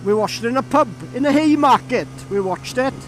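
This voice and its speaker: Welsh man, very high voice, chatty storyteller, filler-heavy, faint traffic behind. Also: a little fast. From Wales. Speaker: vlogger. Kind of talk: casual anecdote.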